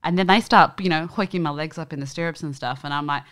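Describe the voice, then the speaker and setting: A young woman tells self-mocking stories in a casual chat, jumping into quoted voices. Her voice is a little low and smooth. She keeps the tone loose and lively. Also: fast.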